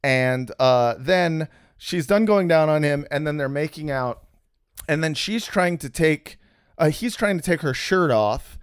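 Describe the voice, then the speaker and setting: A man's voice: fairly high pitch, measured pace, smooth, dry recording, studio quality. A man co-hosting a casual comedy podcast, recapping a film in a rambling, profane way with many restarts.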